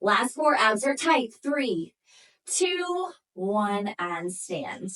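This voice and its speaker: Breathing hard as she exercises, a woman coaches a Pilates class and counts down the reps. Her fairly bright, high-leaning voice has lively intonation, though she speaks extremely slowly. The mic is some distance away from her.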